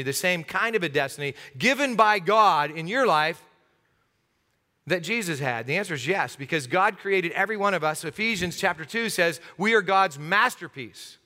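A male pastor preaching a sermon, telling the story with lively humor and acting out the scenes for his listeners. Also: sits high, long reverb tail.

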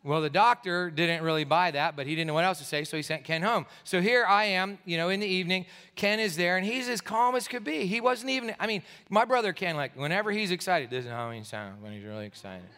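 A man's voice: sits high, fairly quick, few pauses, clean tone. A middle-aged male pastor from Pennsylvania, tired after a sleepless night, telling a story in a sermon and acting out the people in it. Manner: animated, acts out the people in his story. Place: church sanctuary. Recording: echoey church hall.

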